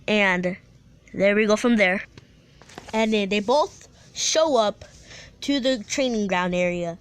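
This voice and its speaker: A woman's voice: mid-range voice, slow, fairly bright tone, clean tone. A woman casually retelling her own fan-fiction story, rambling with frequent restarts and playful asides to her viewers.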